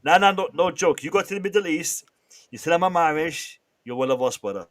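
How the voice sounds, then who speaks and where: A man hosting a casual live stream, bantering with the chat in a lively way and often restarting his sentences. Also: a little high, a little fast. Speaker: livestream host.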